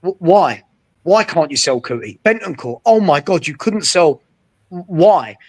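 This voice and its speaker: A man, co-hosting a casual football chat, emphatic and often checking agreement with a quick question. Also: fairly high pitch, lively intonation. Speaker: co-host.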